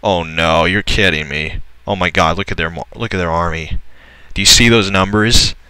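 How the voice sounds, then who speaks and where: Low, bright-voiced excitable gamer man. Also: normal speed, clean tone, no room sound, rough recording. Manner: excitable, swears, laughs at the game. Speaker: gameplay commentator. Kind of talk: casual let's-play commentary.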